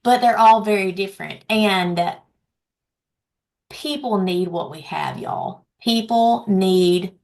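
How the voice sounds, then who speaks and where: A bubbly woman hosts a live community event with upbeat, emphatic energy. Her voice sits at a middle pitch, and she talks straight to her audience. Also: takes it slowly, creaky, darkish tone. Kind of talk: enthusiastic live event hosting.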